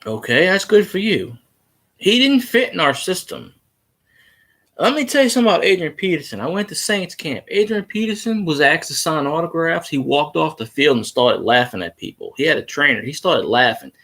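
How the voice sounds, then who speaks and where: A man's voice: on the high side, lively intonation, moderate pace, a bit bright. Heated, cursing man. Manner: heated, profane, argumentative. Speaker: sports fan livestream host. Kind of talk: casual live chat reacting to viewer comments.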